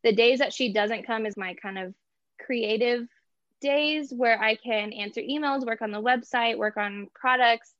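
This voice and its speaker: A woman's voice: on the high side, a little slow, a bit bright, no echo. Chatty young woman, dull dry sound. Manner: chatty, laughs often, many "like" and "you know" fillers. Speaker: guest, artist and small business owner. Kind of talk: casual interview chat.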